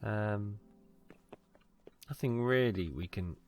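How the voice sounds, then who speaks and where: A man's voice: on the low side, slow pace, soft background music. A British man from Wales giving casual, rambling commentary on a game he plays, full of ums and asides, on a close mic at home. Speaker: let's play host.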